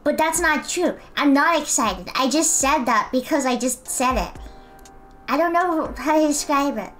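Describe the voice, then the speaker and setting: A woman's voice: sits high, moderate pace, fairly bright tone. A young woman streaming and chatting casually with her viewers, giggly and talkative. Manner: giggly, chatty, fills silence with talk.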